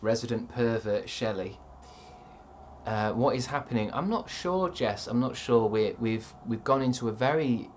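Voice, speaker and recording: A man's voice: medium pitch, fairly even intonation, moderate pace, darkish tone, slight background noise. Guy on a live stream reading chat, dry jokes, lots of ums, rambles on.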